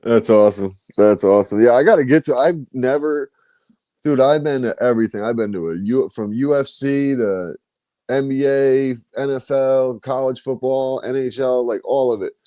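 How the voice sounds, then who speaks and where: A man from New hosts a podcast in a studio, bantering through a casual interview chat in a loose, slangy, enthusiastic style. He speaks at medium pitch and a moderate pace, with a mellow sound on a dry recording.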